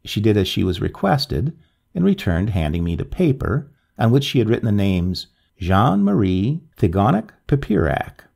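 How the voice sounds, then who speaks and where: A man narrating a ghost story in a measured, expressive reading. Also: fairly low pitch, vocal fry, breathy edge.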